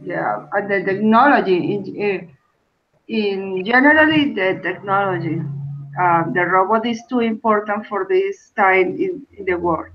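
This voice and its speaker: Slow, hesitant woman learning English. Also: medium pitch, muffled recording, faint music behind. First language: Spanish. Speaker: English student. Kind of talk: online English lesson.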